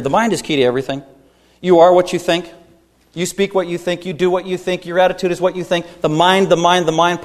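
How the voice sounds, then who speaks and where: A man preaching a sermon as pastor, emphatic, with repeated phrases and pointed questions to the congregation. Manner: emphatic preaching with wide swings in pitch and loudness, repeated phrases.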